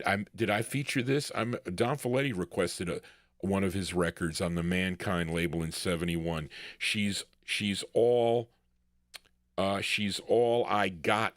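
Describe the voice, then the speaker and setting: Low-voiced guy dj rambling between records, dry close mic. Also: no echo. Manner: rambling, self-correcting, chatty. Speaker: radio show host spinning records. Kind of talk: casual live show chatter between records.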